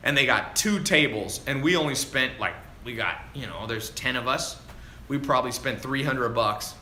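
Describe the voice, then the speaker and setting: Male livestream coach, casual and chatty, forceful bright tone, faint background ambience. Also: medium pitch, normal speed, slight background noise. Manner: animated and chatty, calls listeners dude and man. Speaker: online business coach answering live viewer questions. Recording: roomy echo with faint ambience.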